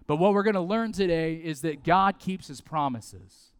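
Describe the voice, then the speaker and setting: High-voiced animated male preacher. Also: moderate pace, smooth. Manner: conversational, animated preaching with asides and repetition. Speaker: pastor. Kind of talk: sermon.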